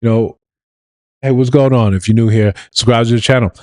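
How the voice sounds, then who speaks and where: A man's voice: mid-range voice, steady tone, fairly quick, a little mellow, dry recording. A man from New York hosting a casual live stream, talking loosely to his chat with laughs and restarts.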